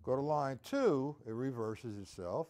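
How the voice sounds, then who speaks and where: Guy teaching drums on a live stream, counting along, checks if viewers get it, drums loud behind him. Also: medium pitch, expressive, measured pace, over loud music. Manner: counts beats aloud while playing, checks in with viewers. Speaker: drum teacher. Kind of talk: live-streamed drum lesson. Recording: drum kit playing behind voice. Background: loud drum kit.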